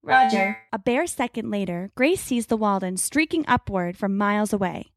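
A woman's voice: mid-range voice, lively intonation, moderate pace, no echo, clean studio sound. A woman storyteller giving a vivid, dramatic scripted narration of an adventure story.

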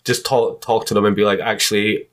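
A man's voice: on the low side, flat delivery, brisk. A man co-hosting a podcast, talking frankly and easily in casual chat. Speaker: podcast co-host.

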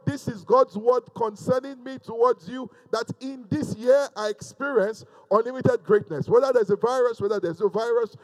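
Fervent high-voiced male preacher. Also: normal speed, few pauses. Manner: fervent preaching, swinging from loud exhortation to hushed, intimate asides. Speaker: pastor. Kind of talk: sermon. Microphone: speaking to a camera.

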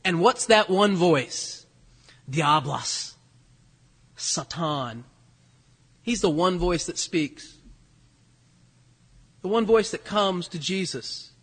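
Male preacher, sermon delivery, husky, echoing church hall. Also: high voice, takes it slowly, pauses often. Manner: animated, rhetorical questions, voices quoted lines. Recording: long hall reverb.

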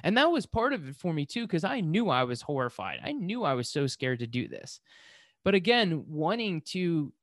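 A man's voice: on the high side, moderate pace, no echo. Guy doing a motivational story, lots of likes and you knows, close dry mic. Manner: animated, lots of fillers, acts out his own excited screams.

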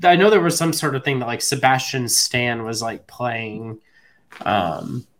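A man's voice: medium pitch, unhurried. Laid-back young man chatting pop culture. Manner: relaxed and conversational, trails off quietly with fillers. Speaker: podcast co-host. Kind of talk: casual pop culture chat.

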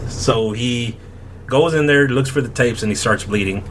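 A man hosting a podcast, telling a story in a rambling, halting way with frequent laughs. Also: medium pitch, slight background noise. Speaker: podcast host. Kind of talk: casual chat.

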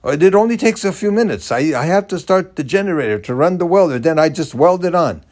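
A man's voice: on the high side, animated, fast, a little mellow, voice pushed up, natural voice. A man putting on a German-accented old hermit. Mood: compliant. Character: older male hermit with thick German accent.

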